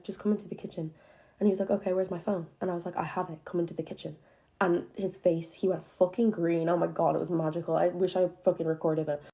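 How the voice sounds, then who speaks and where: A young woman telling a dramatic personal storytime, swearing often and punching her lines with sudden bursts of emphasis. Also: lowish voice. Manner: expressive, profanity-heavy, dramatic retelling with bursts of emphasis. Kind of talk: storytime monologue.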